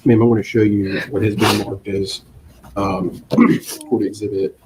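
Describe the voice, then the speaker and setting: Low-voiced prosecutor, noisy distant courtroom feed. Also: male voice, very animated, vocal fry. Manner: formal, halting with fillers. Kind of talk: courtroom questioning.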